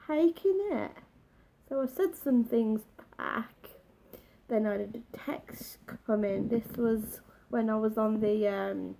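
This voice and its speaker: A woman telling a personal story in a halting, emotional way, with many restarts. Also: fairly high pitch, vocal fry, dark tone, slight background noise, rough recording. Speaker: vlogger.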